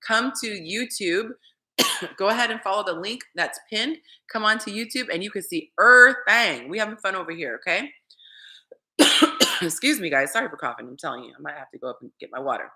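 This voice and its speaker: Lively, bright-voiced woman dating coach. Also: medium pitch, brisk. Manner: chatty and animated, talking straight to viewers. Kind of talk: casual livestream chat with viewers.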